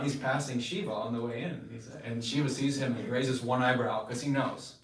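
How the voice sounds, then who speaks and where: Animated man telling a sacred tale. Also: medium pitch, normal speed. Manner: animated, laughing often, chatty. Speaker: spiritual storyteller. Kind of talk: devotional storytelling talk. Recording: roomy, distant mic, faint noise.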